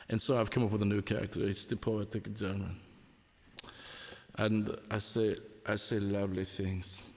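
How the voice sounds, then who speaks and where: A man's voice: on the low side, flat delivery, normal speed. A man hosting a live stream, chatting casually and jokily between songs, rambling and laughing often. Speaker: live-stream host and singer. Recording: long reverb, faint guitar behind.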